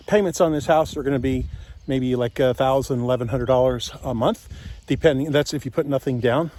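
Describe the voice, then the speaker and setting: A folksy middle-aged man from Kentucky talks through a property tour, joking as he walks and sounding a little out of breath. His voice sits at an ordinary middle pitch, and a faint hiss of background noise runs under it. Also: moderate pace, darkish tone. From Kentucky, USA. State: winded from walking uphill. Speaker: real estate investor vlogger. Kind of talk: casual walking home tour. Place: outdoors and inside a house on a property tour.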